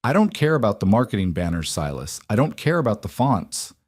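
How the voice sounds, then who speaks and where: A man voicing a commanding, possessive male CEO who speaks low and controlled, in a dry recording. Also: big pitch swings, fairly quick, a little mellow, dry recording.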